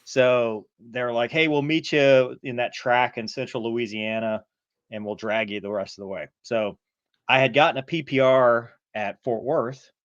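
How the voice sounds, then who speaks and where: A man's voice: mid-range voice, unhurried, a bit bright, no echo, dull audio. A middle-aged man co-hosting a podcast, telling a flying story and acting out the radio calls. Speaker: podcast co-host, former fighter pilot. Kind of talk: casual storytelling chat.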